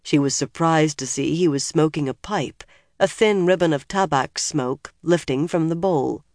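Expressive audiobook narrator, dry sound. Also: mid-range voice, moderate pace, dry recording. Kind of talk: scripted narration.

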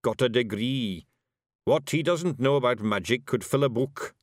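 A man voicing a pompous, blustering male dwarf shopkeeper who talks loud and lofty in an audiobook. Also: medium pitch, expressive, normal speed, dry recording, studio quality, close to an everyday voice. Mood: indignant.

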